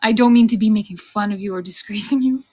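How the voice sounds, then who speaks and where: Talking fast in a mellow, mid-range voice, a woman in her thirties chats casually on her first stream as a VTuber. She laughs a lot, and a slight Irish tinge colors her speech.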